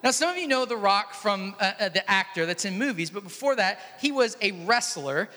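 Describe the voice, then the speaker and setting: A man's voice: high-pitched, animated, brisk, bright, forceful tone. A man preaching a sermon in a large church hall, conversational and storytelling, joking with the congregation. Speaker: pastor. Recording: echoey hall.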